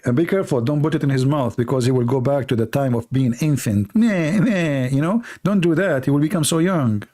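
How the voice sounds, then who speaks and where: Sarcastic guy on a livestream, slightly high voice, joking and repeating stuff, non-native english. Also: mellow. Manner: sarcastic, jokey, repetitive. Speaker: livestream host. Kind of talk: mocking religious commentary.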